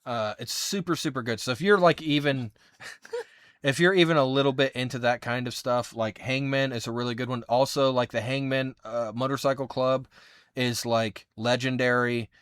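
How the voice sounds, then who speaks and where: A man's voice: medium pitch, steady tone, normal speed, fairly bright tone, clear, resonant tone, no echo, studio quality. Enthusiastic man podcast host. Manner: enthusiastic, filler-heavy. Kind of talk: casual chat.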